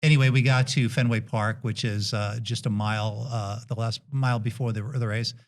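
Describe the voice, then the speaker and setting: A middle-aged man with a Brooklyn accent, a podcast guest telling a story in a relaxed, gentle way with many hesitations. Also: mid-range voice, normal speed. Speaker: guest dentist and endurance athlete.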